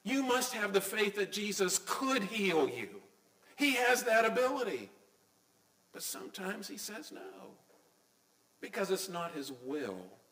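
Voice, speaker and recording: A man's voice: high-pitched, very animated, measured pace, bright, forceful tone, roomy sound, rough recording. A middle-aged man preaching a sermon as a pastor, earnest and emphatic, with many rhetorical questions.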